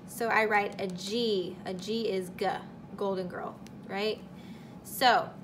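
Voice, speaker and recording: Woman, kindergarten teacher, slow deliberate sounding-out, bright voice, faint background hiss. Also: medium pitch. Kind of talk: recorded video lesson for young children.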